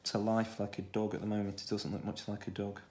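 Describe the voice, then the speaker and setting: A man with a Stoke-on-Trent accent, talking through a children's drawing tutorial in a relaxed way, thinking aloud as he draws. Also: lowish voice, brisk. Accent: Stoke-on-Trent English. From England. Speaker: art tutor.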